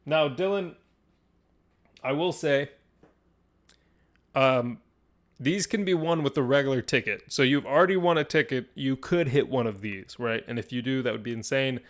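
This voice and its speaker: A young man hosting a live stream as game master, swinging between hushed, suspenseful fantasy narration and excited chat with viewers. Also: medium pitch, normal speed.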